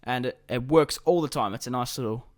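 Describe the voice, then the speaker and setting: A man's voice: mid-range voice, a little fast, dry recording, studio quality. A man casually commenting on his strategy game as he plays, thinking aloud about his moves. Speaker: gaming YouTuber.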